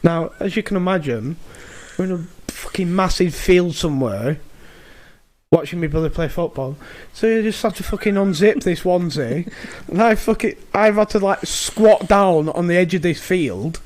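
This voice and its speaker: A young man, co-hosting a podcast and telling sweary, animated stories in casual chat. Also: high-pitched, normal speed. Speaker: podcast co-host.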